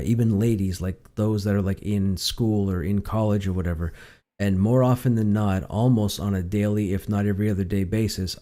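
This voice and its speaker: A relaxed man chatting on a stream, his voice low and mellow. He talks calmly and at length, rambling and restarting his sentences. People have called his voice soothing. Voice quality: calm, low voice others call soothing. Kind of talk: casual storytelling chat.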